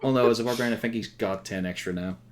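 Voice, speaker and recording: A man narrating as game master in a tabletop game, wry and quick to laugh. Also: on the low side.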